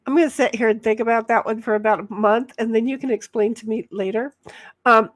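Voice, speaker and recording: A woman's voice: fairly high pitch, normal speed. A woman hosting a casual livestream chat, rambling as she reads viewers' messages aloud. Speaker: livestream host reading chat.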